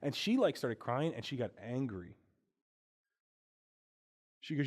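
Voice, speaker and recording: A male pastor giving a conversational sermon, swinging between hushed, quiet moments and emphatic, raised passages. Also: mid-range voice, lively intonation, moderate pace, long pauses.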